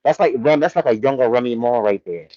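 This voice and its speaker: Quick and mellow at a medium pitch, the man reads chat on his casual livestream from a warehouse. His commentary stays loose and laid-back, heavy on slang and frequent laughter, in a dry, lo-fi recording.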